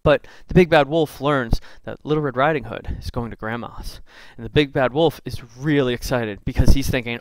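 A man's voice: medium pitch, normal speed, hardly any pauses, dry recording. A man retelling a fairy tale in a chatty, playful way, full of asides, recorded on a computer mic. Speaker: storyteller. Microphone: screen recording with a computer mic.

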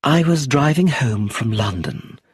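Poised stage actress in middle age, put on by a husky-voiced male narrator, slow and dignified, pitch swings widely. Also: big pitch swings, no room sound, heavily acted. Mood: calm. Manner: slow, dignified, theatrical delivery.

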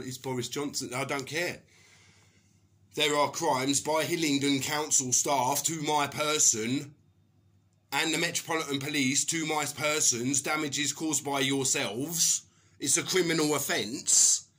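A man's voice: a little high, fairly even intonation, measured pace, bright, forceful tone. A middle-aged man from England, ranting angrily to camera, swearing and mocking others in put-on voices. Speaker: vlogger. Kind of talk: angry personal rant to camera.

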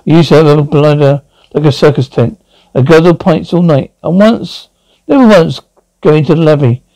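A man playing a gravelly, crude Glaswegian man in his fifties. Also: fairly high pitch, normal speed, dark tone, lightly acted, low-quality recording. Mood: grumbling. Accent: Glaswegian Scottish. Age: 50s. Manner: coarse and brash. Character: crude, blunt middle-aged Glasgow man. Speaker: sitcom lead. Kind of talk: scripted TV sitcom acting.

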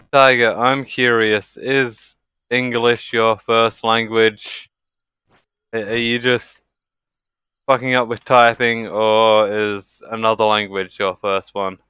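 A young man streaming a game live, tipsy from drinking, exasperated and swearing with loud outbursts. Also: lowish voice, little pitch movement, slow, clean tone, no room sound.

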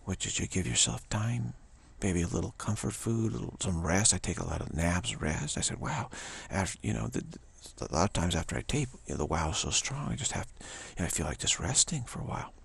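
A man's voice: low voice, lively intonation, fast talker, gravelly, fairly bright tone, slightly rough. A man giving an informal spiritual talk in his own video studio, emphatic and repetitive, often chuckling. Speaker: spiritual teacher.

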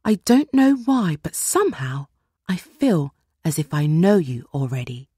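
A woman voicing a gentle young prince in a storybook read-along, asking his questions in a wondering tone. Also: deep voice, very animated, measured pace, husky, no room sound, studio quality, full character voice.

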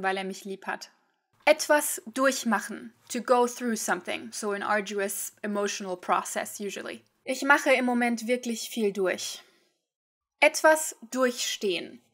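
A young woman with a slightly high, bright, forceful voice talks through a language lesson. Her delivery is chatty and lively, full of quick asides to the viewer. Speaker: language teacher. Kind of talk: casual video lesson.

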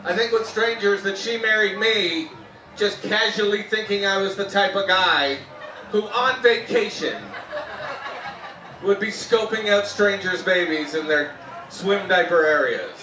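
A Canadian man performing a live stand-up set, telling animated stories about his wife and jumping into sudden high-pitched shouts when he mimics her. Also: unhurried, slight background noise. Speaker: stand-up comedian. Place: outdoor festival comedy tent. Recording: roomy live sound from a distance. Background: audience laughter and faint music.

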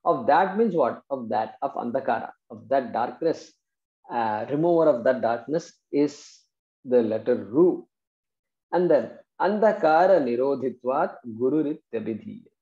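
A man's voice: medium pitch, expressive, measured pace, dark tone. A man, patiently explaining Sanskrit verses in a class and checking in with his students. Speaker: Vedanta teacher. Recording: dull, roomy classroom recording.

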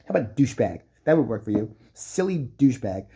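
A man's voice: mid-range voice, very animated, moderate pace, mellow, breathy edge. A man delivering a profane, mocking comedic rant, breaking into exaggerated impressions. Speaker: comedic commentator. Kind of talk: ranting comedic commentary.

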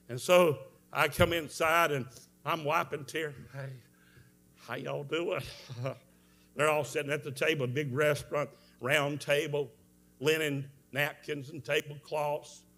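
A man preaching a revival sermon, telling a story with strong emotion, moving from hushed tones to shouts. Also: on the high side. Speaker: evangelist preacher.

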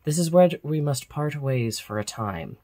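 A solemn, gentle old high priest offering a measured farewell, read by a storyteller in a near-natural voice. Calm and unhurried. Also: male voice, no echo.

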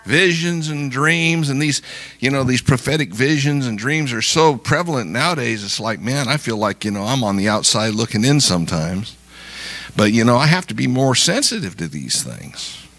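A man's voice: medium pitch, expressive, normal speed, fairly bright tone, dry recording. A male pastor preaching in an exuberant style, calling out hallelujahs and encouragement to the congregation. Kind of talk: sermon.

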